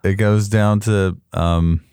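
A man's voice: on the low side, fairly even intonation, slow pace, a little mellow, smooth, no echo, studio quality. A man co-hosting a ministry podcast, thinking aloud with many fillers and giving frank opinions. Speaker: podcast co-host. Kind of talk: casual podcast chat.

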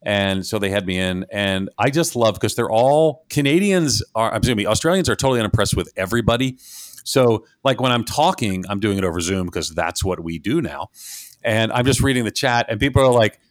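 A low-voiced man from New York who tells lively, teasing stories on a podcast. The sound is dry and close, with no room echo. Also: a little fast. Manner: joking, animated storyteller. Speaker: podcast co-host. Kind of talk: casual podcast chat.

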